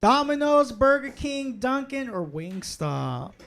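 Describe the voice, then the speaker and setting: A man's voice: extremely high pitch, big pitch swings, slow, creaky, fairly bright tone. A man running the sound board of a podcast, calling out from away from the microphone. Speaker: board operator. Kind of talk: casual chat.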